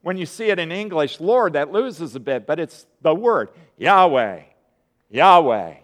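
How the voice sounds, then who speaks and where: A man's voice: fairly high pitch, animated, moderate pace. A middle-aged man preaching a sermon in a conversational way, driving points home by repeating words. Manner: conversational, with emphatic repetition.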